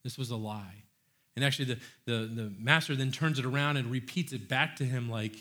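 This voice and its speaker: Animated male pastor preaching. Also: mid-range voice, brisk. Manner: animated, acts out excited praise with repeated restarts. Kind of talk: sermon. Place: church.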